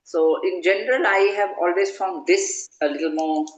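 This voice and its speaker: A woman's voice: fairly low pitch, moderate pace, roomy sound, highs cut off. A woman in a study group casually explaining why she prefers a book. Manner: relaxed, uses fillers like you know.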